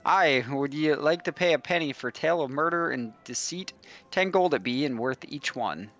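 A man's voice: a little high, animated, moderate pace, a bit bright. A man voicing a male dwarf storyteller, reading an old-fashioned tale aloud and now and then stumbling over the words. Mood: storytelling.

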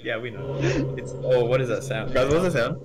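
A man's voice: medium pitch, fairly quick, noisy background. A young man in casual multiplayer game chat, teasing and goofy. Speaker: gamer.

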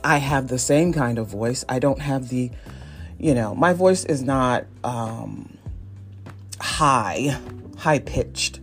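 Slow-talking woman podcaster from Northeast Ohio. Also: rumbling low, very animated, soft background music. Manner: chatty, self-deprecating, laughs often. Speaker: podcast host. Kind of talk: casual solo podcast monologue.

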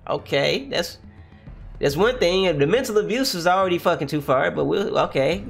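A young man streaming a live read-along reaction, swearing freely and swinging from low mutters to high shouted outbursts. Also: animated, normal speed, vocal fry, husky, soft background music. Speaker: streamer reacting to a manga chapter.

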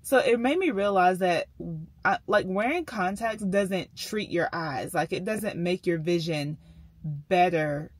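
A woman talks casually to her viewers. Her voice sits a little low, and she chats loosely with plenty of fillers. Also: unhurried, slightly rough. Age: 30s. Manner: chatty, frequent fillers, addresses viewers as y'all. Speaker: vlogger. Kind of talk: casual vlog chat.

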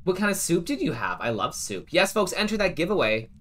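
A man's voice: high voice, big pitch swings, a little fast, fairly bright tone. A man streaming a game live, chatting casually and joking with viewers and a teammate. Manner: chatty, jokey, thanks viewers mid-game. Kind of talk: casual live-stream chat while playing.

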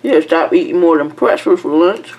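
A mukbang host chats casually as she eats, talking while chewing and humming often in enjoyment. Her voice is on the low side at a moderate pace. The lo-fi recording has a little hiss or hum.

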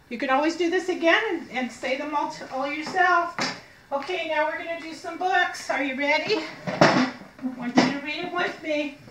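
A woman reading teacher leading an early reading lesson for young children, slowly sounding out letters and words and encouraging her listeners. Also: high voice, a bit bright, reverberant. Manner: encouraging, speaking to children as if they were present.

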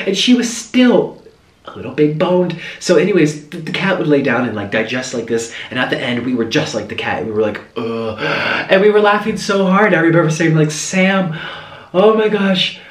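A man's voice: on the high side, recorded from a distance. Chatty young man rambling while eating. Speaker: mukbang vlogger. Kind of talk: casual storytelling while eating. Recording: roomy echo, a bit off-mic.

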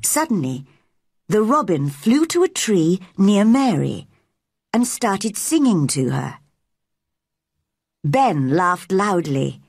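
Brief: woman storyteller, husky tone, lively pitch, unhurried, dry close recording. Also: no echo. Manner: clear, careful storytelling. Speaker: narrator. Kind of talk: slow storybook reading for English learners.

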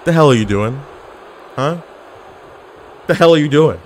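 A man giving casual, animated commentary while playing an online wrestling game, yelling at his opponent and cracking jokes. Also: on the high side, unhurried, a little hiss or hum. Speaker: gaming YouTuber.

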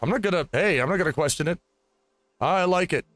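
A man's voice: sits high, animated, brisk, fairly bright tone. A man giving casual, rambling commentary on his own gameplay, chatting aloud to the enemies he fights. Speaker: gaming host.

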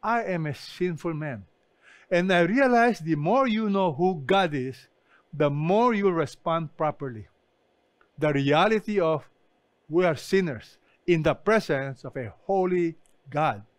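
Man preaching a sermon, high voice, slow deliberate delivery, emphatic questions, dry close sound. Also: lively intonation, no room sound. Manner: emphatic, asks the congregation questions. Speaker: pastor.

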